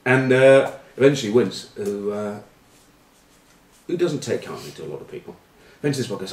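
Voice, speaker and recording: A very low-voiced man ambles through rugby tales as a pundit, padding them with ums and dry banter. He sits back from the mic in a roomy, echoing space. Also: sing-song, brisk, distant mic. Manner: rambling storyteller, full of ums and uhs, dry banter. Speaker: rugby pundit, former player. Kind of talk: casual rambling rugby chat with anecdotes.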